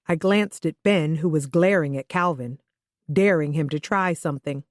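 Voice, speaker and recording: Low-voiced woman narrating a thriller. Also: normal speed, no room sound, clean studio sound. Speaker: audiobook narrator. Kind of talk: scripted first-person thriller narration.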